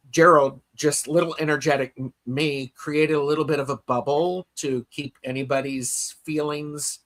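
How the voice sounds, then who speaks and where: Guy hosting a chatty podcast, bright voice, lots of ums and restarts. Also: medium pitch. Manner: rambling storyteller, lots of fillers and restarts; reads listener comments aloud. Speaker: podcast host. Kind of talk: casual chat.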